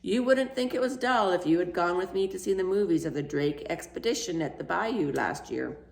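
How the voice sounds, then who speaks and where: Eager dreamy dad figure in a storybook reading, gravelly and lively, voiced by a woman, roomy sound. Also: on the low side, moderate pace. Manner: eager, wondering. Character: enthusiastic dreamy middle-aged house painter. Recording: roomy echo.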